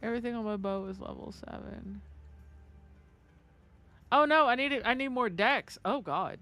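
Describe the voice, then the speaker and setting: A woman's voice: on the high side, animated, moderate pace, pushed and bright, soft background music. A woman chatting casually while streaming a game, telling stories and acting out the voices in her anecdotes. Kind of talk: casual gaming stream chat.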